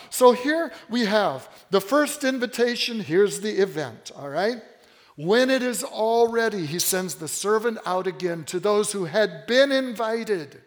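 A man preaching a sermon as pastor, animated and often asking the congregation questions. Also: high-pitched, long reverb tail.

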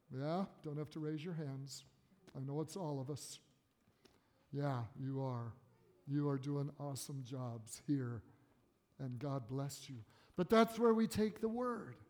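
A male pastor preaching and praying to his congregation in an earnest sermon style, swelling to emphatic peaks and dropping low. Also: slow pace, darkish tone. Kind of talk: sermon with prayer. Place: church sanctuary. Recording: long reverb of a church hall.

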